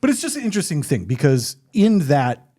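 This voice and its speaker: A man's voice: fairly high pitch, very animated, a little fast, dark tone. A man from northern Minnesota with a Minnesotan accent, hosting a podcast in casual, opinionated, rambling chat. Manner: opinionated, rambling, frequent restarts. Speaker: podcast host.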